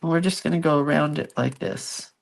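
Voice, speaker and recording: A woman's voice: low voice, fairly even intonation, moderate pace, gravelly. A middle-aged woman chatting casually to viewers while she works on a craft project, chatty and self-deprecating. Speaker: craft vlogger.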